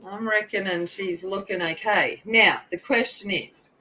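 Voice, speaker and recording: A woman's voice: medium pitch, a little slow, sharp tone, slight background noise. A woman chatting casually and telling rambling stories while she colors at home. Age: adult. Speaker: coloring channel host.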